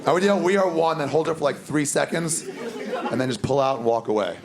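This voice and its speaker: A gravelly male stand-up comic whose crude, deadpan storytelling swings up and down in pitch. He works a club stage with a handheld mic. The live recording carries a loud laughing crowd and heavy room noise. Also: fast. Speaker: stand-up comedian. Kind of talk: stand-up comedy set. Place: comedy club stage before a live audience.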